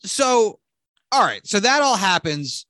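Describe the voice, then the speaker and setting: Animated, rambling man reviewing a movie. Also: sits high, slow pace, no echo. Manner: rambling, profane, animated retelling. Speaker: podcast co-host. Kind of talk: casual movie review chat.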